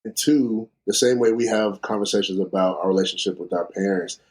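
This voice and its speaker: A man's voice: lowish voice, a little fast, darkish tone. A man hosting a podcast, talking reflectively and thinking aloud in casual conversation. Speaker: podcast host.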